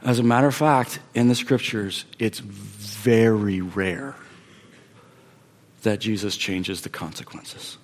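A man preaching a sermon, emphatic, repeating phrases and swinging between loud and hushed delivery. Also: on the low side, slow pace, vocal fry, long reverb tail. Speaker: pastor.

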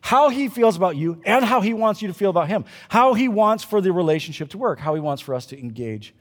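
A male pastor preaching a conversational sermon at a church service, swinging between loud emphasis and quiet asides to the congregation. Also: high voice, animated, fast, big-room sound.

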